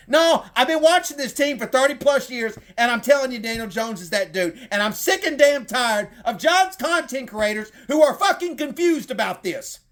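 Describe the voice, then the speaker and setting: A man's voice: sits high, animated, normal speed, few pauses, fairly bright tone. A middle-aged man with a Southern accent delivering a heated, profane sports rant as a fan content creator.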